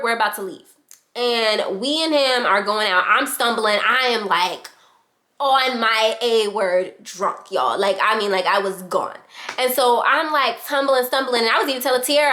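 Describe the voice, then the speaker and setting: A young woman vlogger telling a dramatic personal story in a casual, animated way, acting out what people said. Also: fairly high pitch, moderate pace. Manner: animated, dramatic reenactments of quotes. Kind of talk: storytime vlog.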